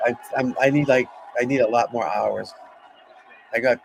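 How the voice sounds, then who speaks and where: A man's voice: medium pitch, moderate pace, vocal fry, a little hiss or hum. A middle-aged man with a Boston accent, a golf instructor chatting casually on a live stream, rambling and blunt with joking asides.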